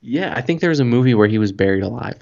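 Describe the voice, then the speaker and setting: A man with a Canadian accent in casual podcast chat, making dry, deadpan jokes. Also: medium pitch, racing, creaky. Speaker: podcast co-host. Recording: dull lo-fi audio.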